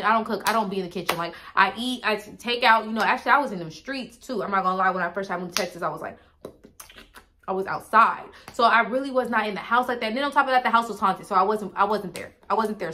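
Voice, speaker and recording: A young woman tells a story to her viewers in a bright, clear voice. She is animated and casual, swears freely, and often breaks off with asides to the audience. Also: medium pitch. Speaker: vlogger telling a story.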